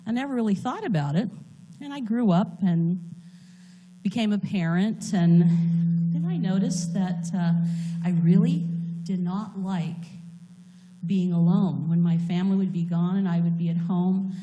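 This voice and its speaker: A woman giving a personal testimony in a church, speaking earnestly and haltingly while holding back tears. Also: on the low side, dark tone, a little hiss or hum.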